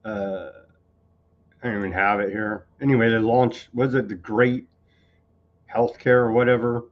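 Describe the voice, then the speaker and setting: A man's voice: fairly low pitch, little pitch movement, a little slow, highs cut off. A man hosting a live news commentary stream, talking casually with sarcastic, scornful asides and rambling restarts. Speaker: news show host.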